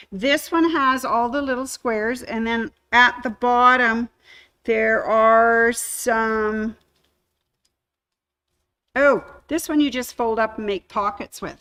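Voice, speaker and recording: A woman hosting a sewing shop livestream, chatting casually and giving shout-outs to viewers. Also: a little high, clear, resonant tone. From Canada.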